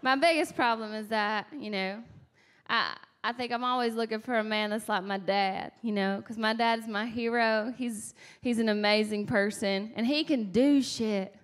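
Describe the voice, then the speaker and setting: A woman's voice: on the high side, normal speed. A woman in her thirties doing a stand-up set on a club stage, chatty and wry. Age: 30s. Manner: conversational, wry. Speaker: stand-up comedian.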